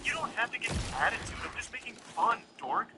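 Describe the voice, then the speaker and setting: A man voicing a pushy young man who taunts in a high, sneering voice. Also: expressive, fast, very noisy. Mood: taunting.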